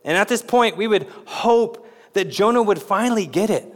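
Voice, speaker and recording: A man preaching a sermon as pastor, with dramatic delivery that rises to emphatic peaks and drops low. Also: normal speed, long pauses, long reverb tail.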